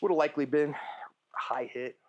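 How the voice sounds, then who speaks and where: A man with a slightly higher-pitched voice gives casual firearms instruction at a shooting range. He keeps it informal and often tacks a quick "right?" or "okay?" onto the end of his points. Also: steady tone, highs cut off, background noise.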